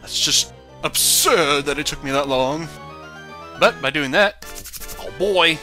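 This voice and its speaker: A man giving casual, animated commentary over his gameplay, now and then yelling at the game. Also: a little high, measured pace, long pauses, faint music behind. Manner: animated, bursts into loud excited yelling at the game. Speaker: let's play commentator.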